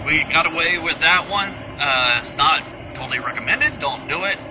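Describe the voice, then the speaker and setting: A man's voice: fairly high pitch, animated, normal speed. Folksy man with road noise. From Kentucky, USA. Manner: hesitant, full of restarts, folksy. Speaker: driver on a family trip. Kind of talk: casual explaining to camera. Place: car and outdoors. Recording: strong road and outdoor noise.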